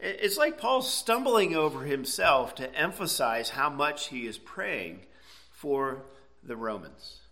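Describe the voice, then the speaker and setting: Bright-voiced pastor preaching conversationally. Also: male voice, on the high side, animated, takes it slowly. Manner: conversational, explanatory preaching with frequent "okay?" and "right?". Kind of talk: sermon.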